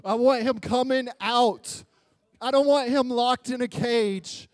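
Male preacher, high voice, dry close sound, lively and joking sermon delivery. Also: slow, no room sound. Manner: animated and joking, swinging between loud and quiet. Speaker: pastor.

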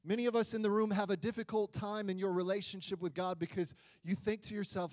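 A male pastor preaching a sermon in an animated, joking way, swinging between loud bursts and quiet stretches. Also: high-pitched, fast talker, no room sound.

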